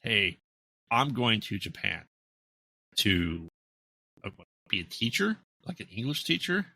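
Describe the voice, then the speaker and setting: American guy, low voice, rambly podcast movie recap, lots of ums, dry close sound. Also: sing-song, measured pace, creaky, sharp tone, slightly rough, no room sound. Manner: rambling, many fillers and restarts. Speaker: podcast co-host. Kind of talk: casual movie recap chat.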